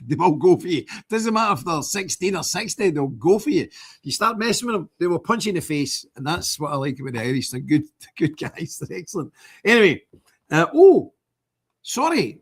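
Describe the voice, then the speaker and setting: A man's voice: high-pitched, husky. An older man, hosting a livestream and talking to his viewers in an indignant, rambling way, repeating himself as he goes. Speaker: livestream host.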